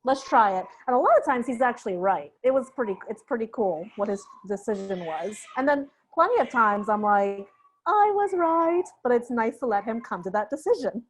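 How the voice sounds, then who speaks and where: A young adult woman guest on an interview, telling a story in a lively, laughing way and acting out the voices of the people in it. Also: a little high, fairly quick, few pauses, slight background noise. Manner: animated, laughing, acts out quoted voices. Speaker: guest sound designer.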